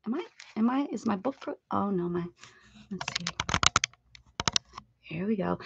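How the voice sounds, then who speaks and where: A woman's voice: medium pitch, animated, measured pace, vocal fry, pauses often, muffled recording, background noise. Chatty woman hosting an art stream. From United States. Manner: chatty and playful, laughs often, sings short welcome jingles. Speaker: art livestream host. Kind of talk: casual chat greeting viewers.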